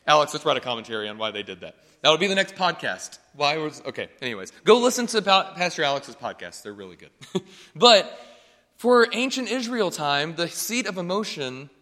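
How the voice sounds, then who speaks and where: A pastor delivering a chatty, joking sermon, often checking in with the congregation. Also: male voice, fairly high pitch, a bit bright, long reverb tail. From North Carolina.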